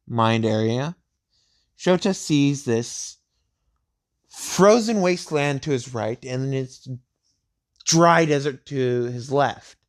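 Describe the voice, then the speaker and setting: Male storyteller, casual rambling retelling, slow and unhurried. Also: medium pitch. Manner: rambling, halting, with many fillers and restarts.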